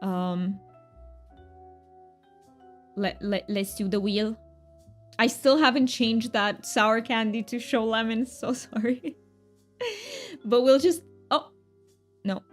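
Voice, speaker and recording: A woman's voice: on the high side, slow, long pauses, soft background music. A woman streamer chatting casually while gaming, reading her chat aloud, answering viewers and laughing often.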